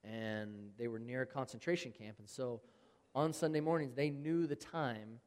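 A man's voice: mid-range voice, moderate pace, in a large hall. A man preaching a sermon in an earnest, conversational way, reading scripture aloud to his congregation. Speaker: pastor.

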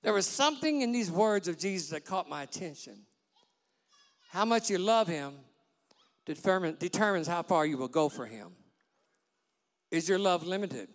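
A man preaching a sermon with passion, dropping to a hush for quoted words. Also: high-pitched, expressive, normal speed. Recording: long hall reverb.

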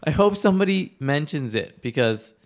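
A man's voice: on the high side, animated, moderate pace. A man co-hosting a casual podcast, teasing and quizzing his friends. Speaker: podcast co-host. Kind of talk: casual banter.

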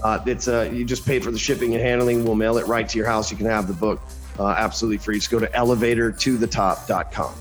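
A man's voice: fairly low pitch, level tone, fast talker, faint music behind. A man who is a guest sales coach on a podcast, talking in a brash, punchy, salesy way. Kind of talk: casual podcast talk.

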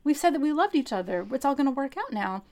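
A woman's voice: high voice, fast talker, a crowd in the background. A woman casually retelling an opera plot on a podcast, acting out the characters' lines with playful, swearing humor. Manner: lively storytelling with playful quoted voices and swearing. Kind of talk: casual chat.

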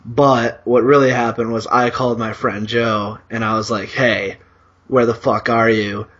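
A man's voice: mid-range voice, flat delivery, unhurried, a bit bright, breathy edge, highs cut off. A man co-hosting a podcast, telling a long story in a rambling, profane way with lots of fillers. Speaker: podcast co-host. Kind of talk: casual storytelling.

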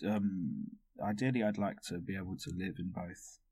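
A man's voice: low-pitched, normal speed, dark tone, husky, no echo. A man from London with a London accent, a photographer guest telling loose, chatty stories with casual swearing in a podcast interview. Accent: London English. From London, England.

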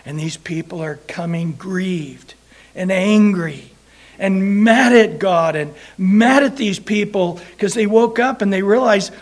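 A man with a high voice preaches a sermon. He tells the story with animated energy and briefly acts out the voices of the people in it. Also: slow pace.

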